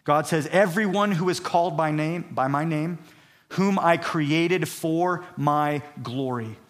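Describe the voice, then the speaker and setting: A man's voice: a little high, slow pace. A male pastor preaching a sermon, emphatic and repetitive, reading scripture aloud between points. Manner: emphatic preaching, repeats key phrases, reads scripture aloud.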